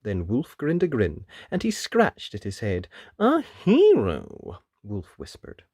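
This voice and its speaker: A woman reading a rhyming children's picture book aloud, expressive and sing-song. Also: very deep voice, a little slow, husky, no echo, studio quality. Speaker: storybook reader.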